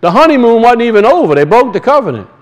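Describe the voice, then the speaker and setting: High-voiced man preaching a sermon. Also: big pitch swings, poor audio. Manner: impassioned, conversational preaching with drawn-out emphasis; reads scripture aloud slowly and deliberately.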